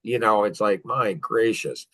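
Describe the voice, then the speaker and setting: A podcast guest in his fifties tells stories casually, joking, boasting and laughing often. He speaks at a measured pace in a lowish, fairly bright voice.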